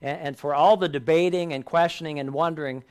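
A man preaching a sermon, earnest, lifting his voice for emphasis and dropping low on key lines. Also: fairly even intonation, a little fast, darkish tone, smooth. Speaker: pastor.

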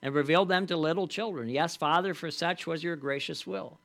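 A man leads a Bible study class conversationally, frequently checking in with the group through quick tag questions and reading scripture aloud with added emphasis. His pitch is fairly high, with vocal fry and a fairly bright tone.

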